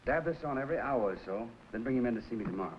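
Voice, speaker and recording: An actor playing a friendly, good-humored country doctor with a Southern accent, speaking in an easygoing folksy drawl in 1950s TV western style. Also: male voice, mid-range voice, expressive, very fast, a little hiss or hum, close to an everyday voice. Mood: calm. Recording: dull old TV soundtrack with music.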